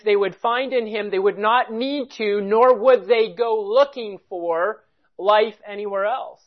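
A Bible teacher works through a passage at a deliberate pace, stressing each important word. The voice sits at a middle pitch, and the recording sounds dull and lo-fi. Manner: deliberate, explanatory, stresses key words.

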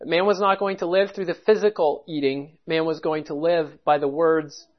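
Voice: mid-range voice, fairly even intonation, normal speed. Emphatic preacher teaching verse by verse. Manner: emphatic, methodical, stops to stress key words. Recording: dull lo-fi recording.

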